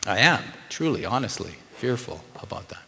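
A man's voice: mid-range voice, big pitch swings, moderate pace, creaky, pushed and bright, big-room sound. A middle-aged man preaching a sermon, earnest and conversational, asking the congregation questions as he goes. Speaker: pastor.

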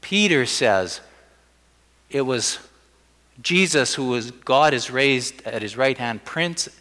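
A pastor delivers a sermon in a chatty, conversational way. He keeps slipping into little acted-out scenes with quoted voices. His voice sits at an ordinary male pitch and rings with a long church-hall reverb. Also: lively intonation, slow, pushed and bright.

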